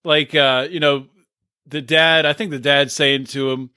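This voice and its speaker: A podcast co-host who retells scenes and acts out what others said. His voice is high, bright and animated, and the recording sounds dry and close. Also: measured pace, clear, resonant tone, no room sound. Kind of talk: casual comedic chat.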